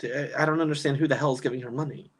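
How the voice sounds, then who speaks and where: A woman's voice: a bass voice, steady tone, rapid-fire. A woman doing casual livestream commentary, reading chat and ranting in an exasperated way with frequent laughs.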